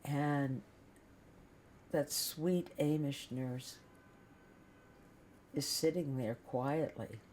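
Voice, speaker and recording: An older woman recounting a family memory, emotional and halting, acting out the voices. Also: rumbling low, a little mellow, a little hiss or hum. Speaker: storyteller being interviewed. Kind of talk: personal family story.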